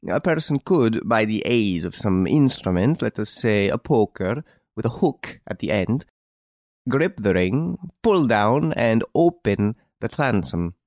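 A man voicing a calm, clever gentleman sleuth. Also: lowish voice, dry recording, clean studio sound. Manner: calm, smiling, deliberate explaining. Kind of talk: audiobook reading.

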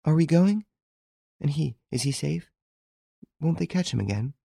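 A man's voice: sits low, steady tone, unhurried, vocal fry, slightly rough, no echo, studio quality, heavily acted. A man reading an audiobook, voicing a frightened young woman who speaks faintly and shakily. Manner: faint, shaky and hushed.

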